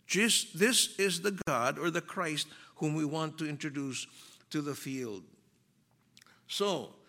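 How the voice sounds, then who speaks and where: Emphatic male preacher with a bright voice. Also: a little high. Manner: emphatic, drawn-out stresses on key words, swings between loud and hushed. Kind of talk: sermon.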